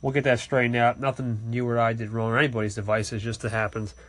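A man's voice: medium pitch, flat delivery, fast, a bit bright. A man hosting a casual podcast, thanking callers with friendly, repeated sign-offs. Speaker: podcast host reading call-ins. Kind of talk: casual call-in shout-outs.

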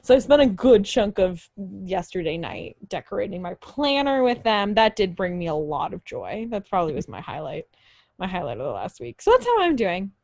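A woman's voice: medium pitch, sing-song, normal speed, darkish tone, no echo. A young woman co-hosting a podcast, chatting enthusiastically about her week with jokes and laughs. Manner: bubbly, enthusiastic, jokey. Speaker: podcast co-host. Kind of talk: casual chat.

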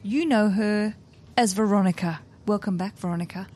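A woman hosting a podcast, chatting briskly and cheekily on a stationary train. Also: mid-range voice, a little mellow. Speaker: podcast host. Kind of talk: casual podcast chat.

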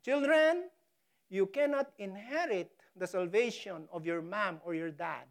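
A woman preaching a sermon, stressing key words hard and pausing for effect. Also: medium pitch. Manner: emphatic, dramatic pauses on key words; slow, deliberate delivery. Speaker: pastor.

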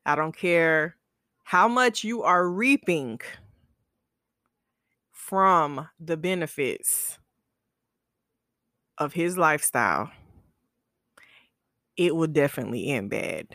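A young woman hosts her own podcast in a deep, animated voice, speaking slowly with long pauses and a bit of brightness. The studio-quality recording has no echo. Her casual storytelling moves from playful chat to earnest, heartfelt advice.

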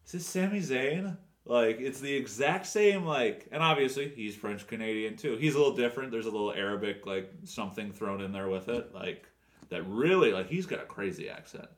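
A man's voice: on the low side, lively intonation, brisk. A man co-hosting a podcast, chatting casually and enthusiastically about a wrestling show, rambling a little. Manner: enthusiastic, rambling, fan's defender. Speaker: podcast co-host. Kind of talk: casual wrestling review chat.

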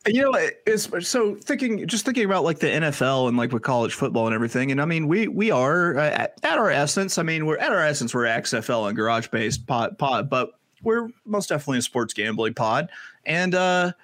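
A man co-hosting a casual sports podcast, animated, with halting restarts and emphatic swearing. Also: on the high side, no echo, studio quality. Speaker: podcast co-host.

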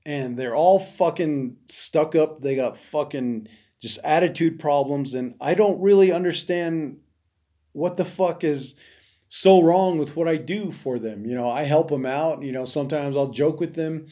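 A man's voice: on the high side, unhurried, mellow. A man hosting a podcast, delivering a bitter, profane monologue that rambles with many fillers. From Navajo Nation. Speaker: podcast host and veteran. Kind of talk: angry monologue.

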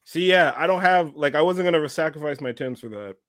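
A man's voice: on the high side, fairly quick, a bit bright, dry recording, studio quality. A young man co-hosting a podcast, chatting and joking in casual banter. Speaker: podcast co-host. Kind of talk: casual chat.

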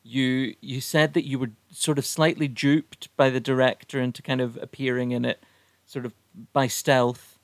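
A man's voice: mid-range voice, level tone, moderate pace, dry recording. A man hosting a casual podcast interview, asking questions and encouraging his guest with short interjections. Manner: warm encouraging interjections, laughs along. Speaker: podcast host.

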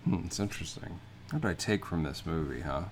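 A man's voice: a bass voice, animated, fast talker, gravelly, slight background noise. A man co-hosting a podcast, spinning rambling absurd stories in casual comedic chat. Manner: rambling, absurd storytelling with fillers. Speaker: podcast co-host.

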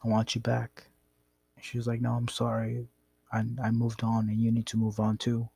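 A man's voice: medium pitch, monotone, moderate pace, creaky, mellow, breathy edge. A young man casually telling a rambling, profane story about his past. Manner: rambling, profane, laid-back.

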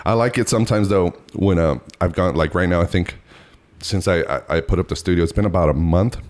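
Very deep-voiced laid-back podcast host. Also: male voice, brisk, a little mellow. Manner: laid-back, laughs often, short agreements. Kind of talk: casual podcast chat. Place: small home studio.

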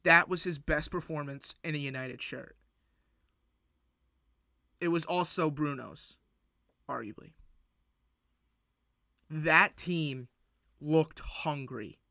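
A man hosting a solo sports podcast, recapping matches in an excitable, rambling way with lots of fillers and restarts. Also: on the high side, takes it slowly, creaky, long pauses, no room sound, clean studio sound. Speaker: podcast host.

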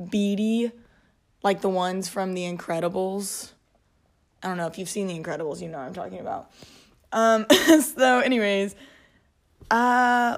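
A woman hosting a casual solo podcast from home, rambling along with lots of fillers and amused by her own jokes. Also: mid-range voice. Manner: rambling, filler-heavy, chatty, amused by herself. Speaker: podcast host. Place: at home, alone.

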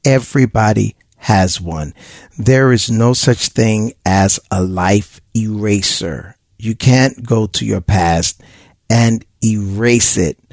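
A man's voice: on the low side, slow pace, dry recording, clean studio sound. A man hosting an advice podcast, talking in an emphatic, preachy way and laughing often.

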